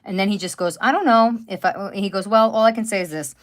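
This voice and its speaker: A woman's voice: mid-range voice, quick pace. A woman in her fifties chatting casually on a live stream, telling rambling stories full of fillers and restarts. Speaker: craft channel host. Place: at home by a wood stove.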